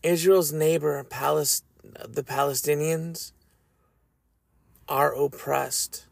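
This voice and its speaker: Male podcast host, earnest faith commentary, slightly raised pitch, dry close sound. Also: fairly even intonation, vocal fry, dry recording. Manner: earnest, measured, reflective. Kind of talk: faith commentary and scripture reading.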